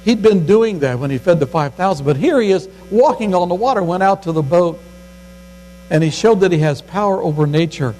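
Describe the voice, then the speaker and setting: A man's voice: animated, brisk, dark tone, slight background noise, poor audio. An older man, a grandfather, preaching a sermon in a folksy way, acting out the scripture quotes. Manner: folksy, acts out quotes with rising pitch. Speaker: pastor.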